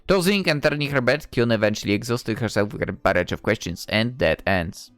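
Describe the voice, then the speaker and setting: A woman's voice: extremely low pitch, animated, fairly quick, few pauses, dry recording, soft background music. A woman reading a story game aloud, narrating and throwing in sarcastic, swearing asides. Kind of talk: game playthrough narration and commentary.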